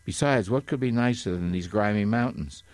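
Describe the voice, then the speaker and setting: A man's voice: lowish voice, moderate pace, darkish tone, no echo, close to an everyday voice. An older man reading aloud as a grimy, malicious male bird who twists every word, haughty and cackling. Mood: gleeful.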